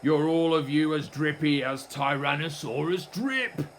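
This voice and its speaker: Bloke doing a gruff bossy t-rex dad, blustery and scoffing, slow storybook read. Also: male voice, a little high, slight background noise. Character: blustering gruff tyrannosaurus father, boastful.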